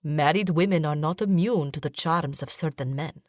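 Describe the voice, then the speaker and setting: Woman reads a jealous young sultan husband in a storybook, terse, lowish, dry close sound. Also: normal speed, no room sound, lightly acted. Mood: guarded.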